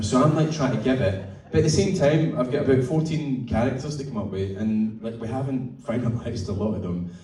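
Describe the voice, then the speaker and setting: A man's voice: mid-range voice, noisy background. Man telling stories onstage, echoey. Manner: chatty, swearing, laughing storyteller. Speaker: actor guest. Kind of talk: onstage festival interview. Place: festival event hall. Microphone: audience phone far from stage. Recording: echoey hall recorded from far off in audience.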